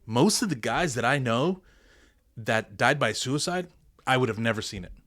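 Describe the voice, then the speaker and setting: A man's voice: medium pitch, expressive, normal speed, fairly bright tone, no room sound, clean studio sound. A man, a pastor and military veteran, telling his story in a candid podcast interview with earnest emphasis.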